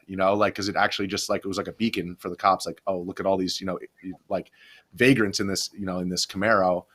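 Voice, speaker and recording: A man's voice: deep voice, pushed and bright. A young adult man, a video journalist, rambling through a story in a casual podcast interview, full of restarts and fillers.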